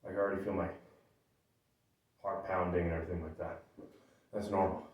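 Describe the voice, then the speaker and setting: A man's voice: sits low, level tone, a little fast. A man lifting weights and talking casually about his workout, out of breath between sets. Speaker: gym vlogger. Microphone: camera from a distance. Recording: echoey room from far off, faint noise.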